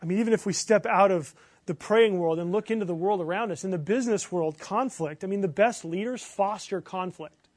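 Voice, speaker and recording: A man preaching a sermon as pastor, earnest, building to emphatic bursts and then dropping low. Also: fairly quick, dry recording, clean studio sound.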